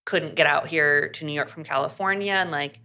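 Bright-voiced woman recapping a book. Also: low voice. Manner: chatty, fast recap full of "like" and acted quotes. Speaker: podcast co-host.

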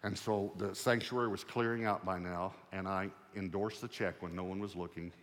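Pastor, male, lower register, storytelling sermon, conversational with light humor, long hall reverb. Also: steady tone, normal speed.

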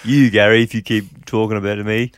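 A man putting on a cocky adult male criminal, mumbling low and quiet. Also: little pitch movement, brisk, no echo, studio quality, lightly acted. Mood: smug.

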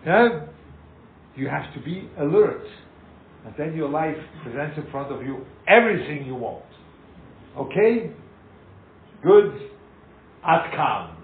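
A man giving an animated, informal Torah talk as a rabbi, repeating himself and acting out little scenes. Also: fairly high pitch, a little slow, long pauses. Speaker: rabbi teaching a class. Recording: echoey, tinny lo-fi room recording with hiss.

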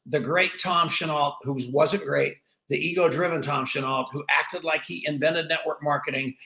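A middle-aged man as a guest in an interview, telling his story with animated energy and acting out the dialogue. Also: on the high side, vocal fry. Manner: animated, acts out dialogue with quick voice shifts. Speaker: podcast guest. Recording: roomy echo.

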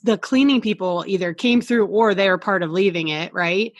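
A woman's voice: mid-range voice, normal speed, highs cut off. A woman in casual podcast chat, chatty and enthusiastic, laughing and swearing freely.

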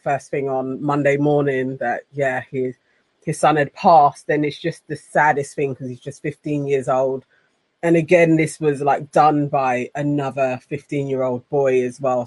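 Podcast co-host, earnest and quick when moved, dry recording. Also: medium pitch, no room sound. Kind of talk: casual chat.

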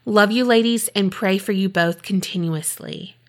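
A woman's voice: medium pitch, normal speed. Young adult woman, podcast co-host; earnest letter reading, teasing banter. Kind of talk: reading a listener letter aloud.

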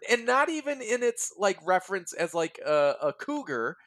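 A man hosting a casual podcast chat, animated and laughing often as he tells stories. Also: high voice, normal speed. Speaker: podcast host.

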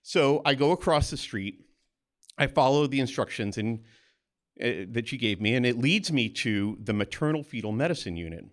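Man, storyteller, middle pitch, very lively intonation, conversational, acts out quoted voices. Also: normal speed. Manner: animated, acts out the voices of others in his story; conversational, with small restarts. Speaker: storyteller, pediatric oncologist. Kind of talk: first-person stage storytelling.

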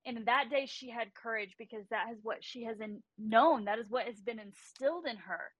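A woman's voice: fairly high pitch, moderate pace, husky, no echo, highs cut off. Passionate woman telling a heartfelt story. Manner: passionate, faith-driven storytelling. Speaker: guest. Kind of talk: livestream interview. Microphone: remote call.

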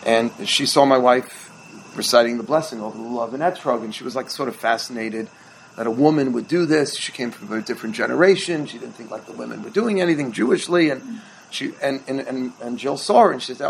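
A middle-aged rabbi with a gravelly, creaky edge to a voice of ordinary pitch. He teaches in a relaxed, storytelling way and checks in with his listeners as he goes. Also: brisk, a little hiss or hum, poor audio. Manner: conversational storytelling, quizzes the audience. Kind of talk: teaching a holiday workshop.

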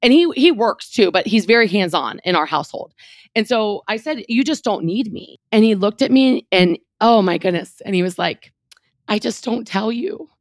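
Her pitch is medium and her speed normal as this woman, in her thirties and running a real estate team, gets animated and emotional recounting a candid personal story for an interview. She leans heavily on "like," and the clean studio sound has no echo.

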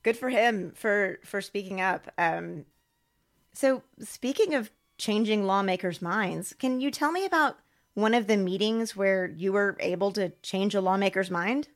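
A woman hosting an interview, asking calm, measured questions. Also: medium pitch. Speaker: podcast host.

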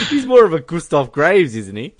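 A man's voice: a little high, wildly swooping pitch, moderate pace, no echo. A man co-hosting a podcast, chatting casually through a film commentary with a joking, giggly manner. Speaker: podcast co-host.

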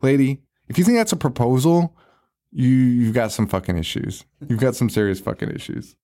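A man's voice: medium pitch, moderate pace, dark tone. A man co-hosting a podcast, recapping a horror movie in casual chat, swearing freely and laughing often. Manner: profane, laughing, retells scenes in mock voices. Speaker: podcast co-host.

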